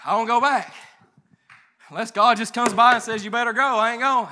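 A man preaching a sermon with passion, dropping to hushed tones and rising to shouts, his voice straining. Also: very high-pitched, fairly even intonation, brisk, slight background noise. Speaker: pastor.

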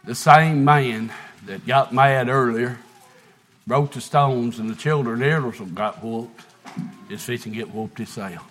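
A man's voice: medium pitch, a little slow, fairly bright tone. A man preaching an impassioned sermon and reading scripture aloud.

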